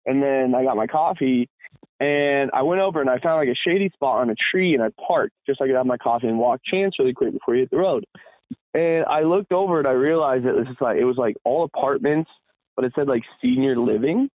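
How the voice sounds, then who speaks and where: A man co-hosting a podcast, telling a rambling, animated story full of fillers and laughs. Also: medium pitch, brisk, no echo. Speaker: podcast co-host. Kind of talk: casual storytelling chat. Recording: dry, tinny phone-like sound.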